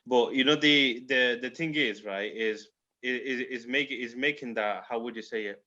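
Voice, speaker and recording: A man's voice: medium pitch, normal speed, sharp tone. Patient male teacher on a muffled call. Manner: explains patiently, keeps checking with "yeah?". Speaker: Quran recitation teacher. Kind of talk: online class teaching. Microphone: video call microphone.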